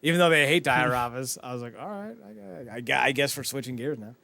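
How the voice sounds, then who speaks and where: A man co-hosting a casual talk show, animated and swearing, acting out scenes as he recaps them. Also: mid-range voice, fast talker, dry recording. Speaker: podcast co-host.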